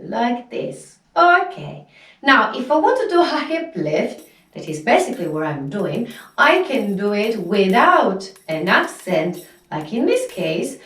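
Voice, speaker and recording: Slow patient woman teaching belly dance. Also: fairly high pitch. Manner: slow, patient step-by-step instruction with counting. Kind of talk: instructional dance lesson. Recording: echoey room, mic at a distance, music behind. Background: music.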